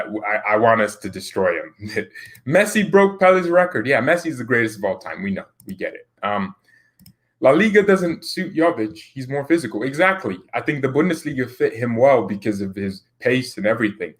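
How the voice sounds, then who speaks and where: A man at a middle pitch, chatting loosely as he answers viewer comments on his football channel. He rambles, stumbles over restarts and breaks into laughter often. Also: animated, normal speed. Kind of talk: casual chat reading viewer comments.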